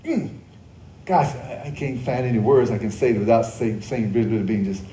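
A man's voice: mid-range voice, normal speed, mellow, reverberant, a little hiss or hum, poor audio. A male pastor delivering a sermon, repeating key phrases, quizzing the congregation and adding joking asides. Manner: conversational preaching with joking asides. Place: church service.

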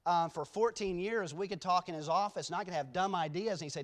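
A man's voice: high-pitched, fast talker, few pauses. A man speaking as a guest preacher in a church, telling rambling, self-deprecating stories with many restarts before his sermon. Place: church sanctuary.

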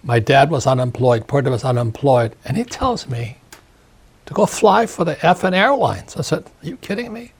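An older man in his seventies, a husky-voiced author giving an interview, ranting emphatically and repeating phrases. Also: mid-range voice, expressive, normal speed. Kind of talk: opinionated interview talk.

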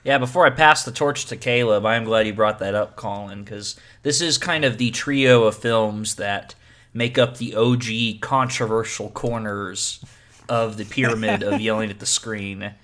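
A man's voice: lowish voice, fairly even intonation, normal speed, a bit bright. A man hosting a casual podcast chat about films, upbeat and laughing often. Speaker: podcast host.

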